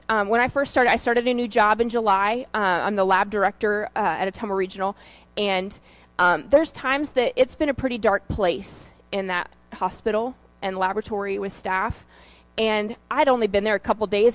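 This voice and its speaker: Woman preaching casual and chatty, kinda high voice, dry close sound. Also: no echo, low-quality recording. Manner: conversational, animated storytelling with fillers. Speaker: lay preacher. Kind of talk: informal sermon.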